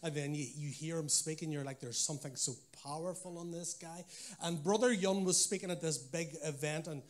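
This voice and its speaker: A man's voice: on the high side, fairly quick. A man preaching a sermon, telling stories with animation and acting out what people said.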